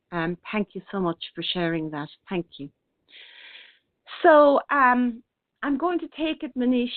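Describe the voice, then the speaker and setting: A woman hosting a spiritual talk radio show. She speaks gently and unhurriedly, reading out listener comments with many fillers and restarts. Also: medium pitch, no room sound. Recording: tinny phone-line internet radio.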